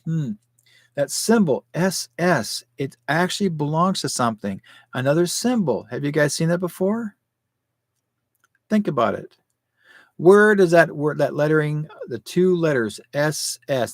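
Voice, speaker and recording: A man's voice: fairly high pitch, no echo. Rambling conspiratorial man in his sixties. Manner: rambling, conspiratorial, full of rhetorical questions. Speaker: show host. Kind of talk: live commentary show.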